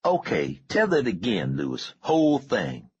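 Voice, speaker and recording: A man's voice: medium pitch, huge pitch swings, unhurried, darkish tone, husky, voice pushed up, heavily acted. A man playing a snapping young gang leader. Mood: stern. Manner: snapping, impatient. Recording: dull lo-fi recording.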